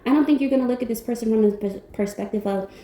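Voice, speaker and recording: A woman's voice: on the high side, racing, dark tone, roomy sound. A woman giving a pick-a-pile tarot reading, talking in a blunt, emphatic, casual way with some swearing. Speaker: tarot card reader.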